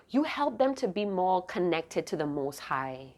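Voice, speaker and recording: A woman's voice: fairly low pitch, very animated, measured pace, hardly any pauses, a little mellow. A woman giving an intuitive tarot reading to camera, emotive and rambling, often breaking off mid-thought to restart. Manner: rambling, emotive, self-interrupting. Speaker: tarot reader.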